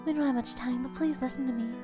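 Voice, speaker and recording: A woman plays the heroine's eerie mirror self in a horror game. The girl speaks in a calm, possessive voice that slips into breathy whispers. The voice is high and close, with light music under it. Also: fast, lightly acted. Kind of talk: voicing game dialogue.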